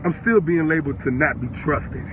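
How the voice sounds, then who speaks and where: An angry, worked-up eighteen-year-old man vents on a live stream, swearing and hammering the same questions repeatedly. His voice is on the high side at a moderate pace, over a noisy background.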